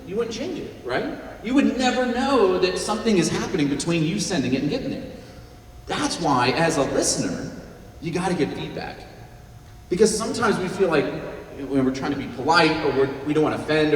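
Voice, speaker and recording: A man giving a joking, animated talk as a guest speaker at a luncheon, recorded from far off in a hall. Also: fairly high pitch, slight background noise. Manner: animated, joking, acts out quick voices. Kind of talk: luncheon talk on listening skills.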